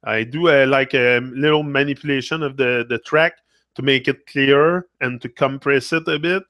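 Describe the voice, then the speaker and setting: A man's voice: mid-range voice, fairly even intonation, normal speed, pushed and bright, dry recording. Young quebec guy rambling to his livestream chat, mixing french and english, lots of uhs, dry close mic. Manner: switches between French and English, many fillers. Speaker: livestream host. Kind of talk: casual live chat with viewers.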